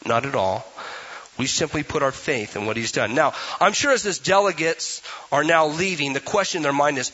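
Pastor guy preaching, bright forceful voice, kinda dull lo-fi sound, lots of rhetorical questions. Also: a little high, expressive, normal speed. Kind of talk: sermon.

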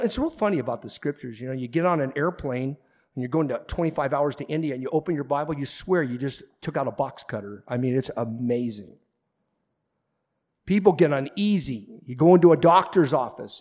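A male pastor preaching a sermon, emphatic and conversational, swinging between loud declarations and quiet asides. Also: on the high side.

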